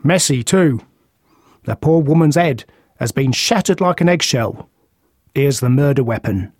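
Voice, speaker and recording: A man voicing a blunt, brisk little police inspector in an audiobook mystery. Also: medium pitch, expressive, a little mellow, no room sound, studio quality. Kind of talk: audiobook character voice.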